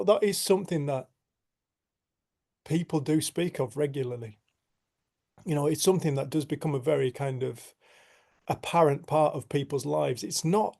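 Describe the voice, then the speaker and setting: A middle-aged man, gravelly and mellow, recounting a story casually to a group over a video call. He talks in a lively way, laughs often and slips into the voices of the people in his tale. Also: fairly high pitch. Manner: animated, acts out quotes, laughs often. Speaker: group facilitator.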